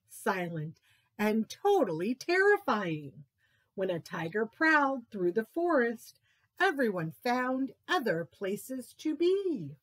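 Slow, expressive woman reading picture books. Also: fairly high pitch. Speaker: children's librarian.

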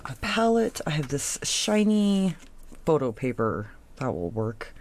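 A woman's voice: a bass voice, very animated, slow pace, a little mellow. A woman hosting a craft video, chatting casually as she works, thinking aloud, trailing off mid-sentence and cooing at her pieces. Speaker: crafting channel host. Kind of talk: casual craft tutorial chat.

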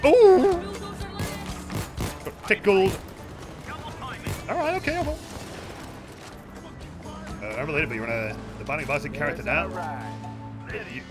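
A man streaming a game, chatting casually with viewers, excitable and swearing freely. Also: fairly high pitch. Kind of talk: casual gameplay commentary. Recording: game music playing behind.

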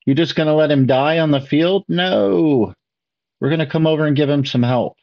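A man's voice: fairly high pitch, moderate pace, muffled recording. A man hosting a chess video, explaining moves step by step and asking viewers questions. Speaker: chess video host reacting to a lesson. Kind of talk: casual commentary to viewers.

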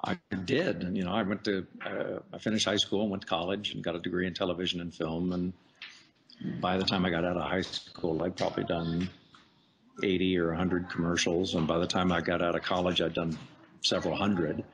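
Deep-voiced man telling career stories. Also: brisk, a crowd in the background. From United States. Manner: chatty, animated anecdotes with playful voice impressions. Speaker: voice actor guest. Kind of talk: casual interview storytelling.

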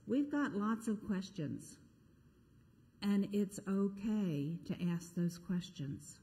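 A woman's voice: medium pitch, expressive, slow pace, mellow. A woman pastor giving a conversational sermon, telling a scripture story in a self-deprecating way. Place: church sanctuary. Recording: echoey church sanctuary.

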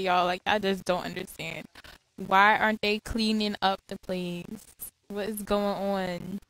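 A woman hosts a casual let's-play with chatty, exasperated commentary, cursing when annoyed. Her voice sits in an ordinary middle pitch for a woman. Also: a little slow, fairly bright tone, poor audio.

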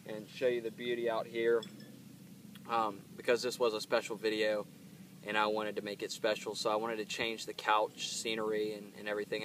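A man hosting his own channel reviews hot peppers outdoors, talking casually and earnestly to camera while in pain from the heat, rambling with fillers. His voice is on the low side and fairly bright, picked up by a distant mic with faint outdoor ambience and a little hiss or hum.

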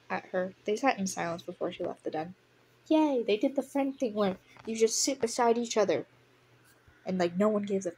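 A woman's voice: lowish voice, darkish tone, slight background noise. A woman reading a fan story aloud, breaking off to laugh and react to it. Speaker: audiobook reader of a fan story. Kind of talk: casual reading with commentary.

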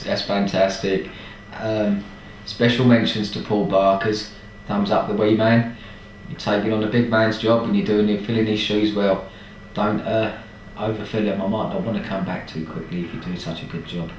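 A man's voice: fairly low pitch, little pitch movement, normal speed, slight background noise. Jokey man, echoey and distant. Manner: jokey, chatty, affectionate banter. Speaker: message sender thanking staff. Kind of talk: casual spoken video message. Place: hospital ward. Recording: echoey room, distant mic.

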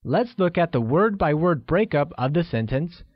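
A man narrating a scripted language lesson in a slow, deliberate and upbeat way, often pausing to praise the learner. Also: fairly high pitch, big pitch swings, no echo. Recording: dry, dull lo-fi studio audio.

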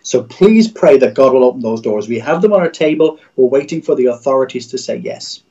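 A man's voice: mid-range voice, expressive, fairly quick, dark tone, muffled recording. A middle-aged man, a Christian radio executive, speaking as a guest in a livestream interview over a video call, in an earnest, preacher-like way with repeated phrases.

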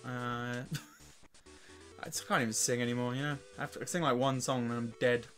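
An English man with a worn, weakened voice talks through a video game in a loose, profane way, chuckling and cursing at his opponents. His pitch sits in an ordinary middle range. Soft music plays faintly behind him. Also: steady tone, moderate pace. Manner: swearing, laughing, trash-talking the game. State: weak, worn voice. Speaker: let's play host. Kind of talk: casual gameplay commentary.

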